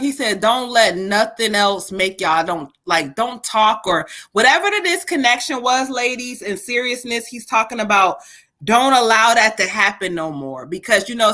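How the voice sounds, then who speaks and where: Woman w/ aave doing live tarot, keeps cracking up laughing, bright voice sitting a bit high. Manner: giggly, animated, swears freely. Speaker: psychic reader. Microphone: webcam or phone on a live stream.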